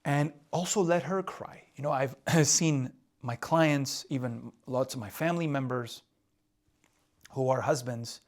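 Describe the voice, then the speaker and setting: A man's voice: medium pitch, measured pace. A man coaching husbands in a candid, confessional way, often asking "right?" and repeating himself. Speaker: relationship coach. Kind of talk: casual advice talk. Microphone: drawing on a board while talking.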